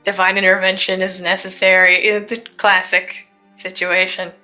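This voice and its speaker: A woman playing a tabletop role-play game, speaking in character with a dry, unhurried delivery. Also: mid-range voice, completely flat delivery, bright, forceful tone, soft background music, low-quality recording. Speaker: tabletop player.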